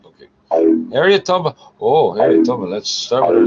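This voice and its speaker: A man with a lowish voice and big pitch swings reads French aloud in a casual solo recording, haltingly and stopping to correct himself. He's profane and argumentative, commenting as he goes and muttering asides under his breath. The recording is dull and lo-fi, with faint music in the background.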